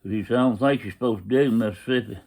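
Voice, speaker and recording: A man's voice: fairly low pitch, very fast, a little mellow. A man telling a story in a folksy, casual way, constantly retelling what others said. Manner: folksy drawl, retelling quotes with "he said".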